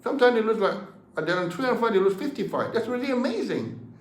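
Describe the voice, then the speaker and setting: A man's voice: high-pitched, animated, fast talker, echoey room. A man in his seventies, a martial arts teacher talking passionately to the camera, emphatic and fond of rhetorical questions. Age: 70s.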